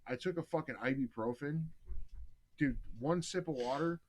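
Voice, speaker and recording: A man on a casual podcast, telling a story in a lively, swearing way. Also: a little high, moderate pace, slight background noise, low-quality recording. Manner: profane, animated storyteller. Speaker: podcast host.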